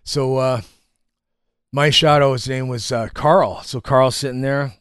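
A man's voice: mid-range voice, a little slow, clear, resonant tone, no echo, studio quality. A man telling wild stories in casual chat, swearing freely and acting out what people said. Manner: profane, animated storyteller, acts out quotes.

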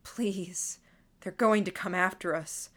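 A woman voicing a pinned-down young male genius who pleads in a breathy, hollow voice in an audiobook. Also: mid-range voice, moderate pace, pushed and bright, lightly acted. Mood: desperate.

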